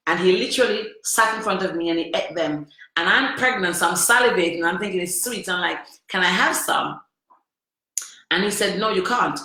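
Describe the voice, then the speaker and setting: Woman vlogger, bright, forceful delivery, recorded in a very echoey room; candid, emphatic storytelling. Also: on the low side. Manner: emphatic, repeats phrases, asks the listener questions.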